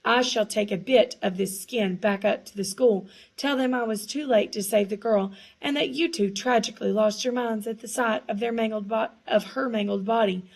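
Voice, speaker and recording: A woman's voice: a little high, normal speed, gravelly. A woman reading aloud, voicing a vain, treacherous grown man wizard with a smug, theatrical manner.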